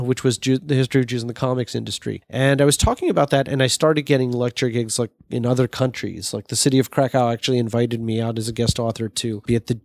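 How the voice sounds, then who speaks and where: Man, mid-pitched, talkative guest, loose and self-correcting, dry studio sound. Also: vocal fry, darkish tone, no room sound. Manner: rambling, self-correcting, chatty. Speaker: interview guest, writer. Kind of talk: casual storytelling interview.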